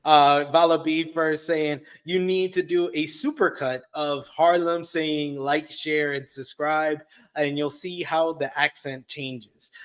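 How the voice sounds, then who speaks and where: A man's voice: a little high, slow, few pauses, smooth. A man with a New York accent co-hosting a casual wrestling review, bantering and reading out viewer donations. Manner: reads out donations, lively banter. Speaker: co-host.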